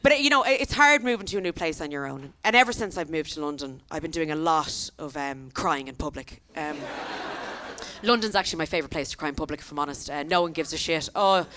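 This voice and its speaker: A woman's voice: deep voice, quick pace, sharp tone, a little hiss or hum. Young irish woman on stage doing stand-up, chatty storytelling, keeps asking the crowd "right?". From Ireland. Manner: chatty storytelling with tag questions. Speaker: stand-up comedian. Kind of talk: stand-up comedy set. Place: comedy venue stage.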